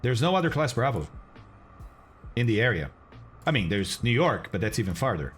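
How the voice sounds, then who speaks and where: A flight simulator streamer reacts to his live chat in a casual way, thanking viewers and letting out groans and exclamations over some nasty-tasting candy. He has a mid-range voice with big pitch swings and a normal pace, with faint music in the background.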